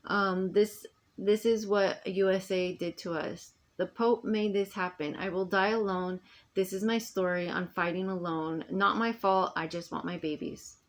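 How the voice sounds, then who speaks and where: A woman records a rambling personal vlog, speaking at a mid pitch. She talks emphatically, restarts her sentences often and lets them trail off. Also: fairly even intonation, a little slow. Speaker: vlogger.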